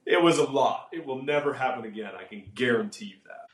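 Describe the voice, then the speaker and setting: A man answering interview questions in a relaxed way, chuckling now and then. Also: medium pitch, fast, reverberant, poor audio. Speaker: guest.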